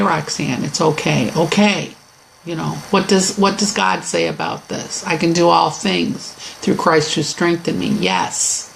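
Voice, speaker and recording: A middle-aged woman gives a personal faith-based lesson in a candid, encouraging voice. She sits at a mid-range pitch with a reflective, warm-hearted openness. A faint hiss of noise sits under her voice. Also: creaky, poor audio. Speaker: Christian weight-loss course teacher.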